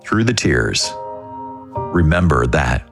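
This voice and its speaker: A man with a very low voice talks in a gentle, pastoral way, often asking questions of the listener. His devotional radio talk runs over a clearly audible music bed. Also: sing-song, takes it slowly.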